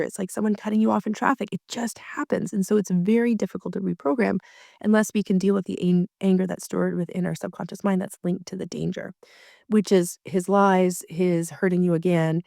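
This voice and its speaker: A woman's voice: medium pitch, creaky, a little mellow, dry recording, clean studio sound. A woman working as a marriage coach, talking casually and chattily with many fillers and restarts.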